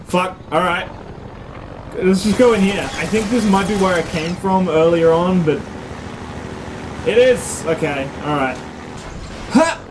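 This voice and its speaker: Against a noisy background, a young let's play gamer commentates casually from his home room in a high voice, keeping a measured pace and pausing often. He swears heavily and gets excitable, letting out yelps when startled or when things go badly; audio comes from a desk mic and a camera mic.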